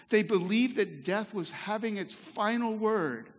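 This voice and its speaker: A pastor giving a sermon in a church, earnest and conversational, with asides to the congregation. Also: male voice, sits high, expressive, a little slow, few pauses. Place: church sanctuary. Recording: echoey hall reverb.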